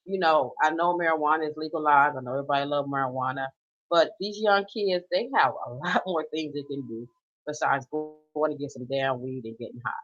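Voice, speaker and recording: This unscripted rant comes from a middle-aged woman who is a mother and grandmother, cursing freely and speaking emphatically. She has a deep, slightly bright voice and talks a little fast, recorded with a slightly dull, lo-fi quality.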